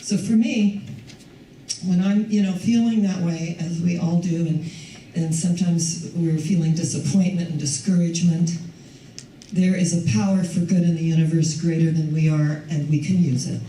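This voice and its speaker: Older female minister, mellow voice, easy conversational sermon, distant mic in a reverberant hall. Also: lowish voice, steady tone, normal speed, slight background noise. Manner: warm, conversational, laughs often. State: recovering from lost voice. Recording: echoey hall from far off.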